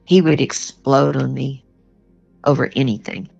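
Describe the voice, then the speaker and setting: Her voice rumbles low, measured and slightly mellow, with some vocal fry, as this older woman recounts a personal story as a guest. She comes across earnest and plain, dropping "you know" often, over faint music on a dull lo-fi track.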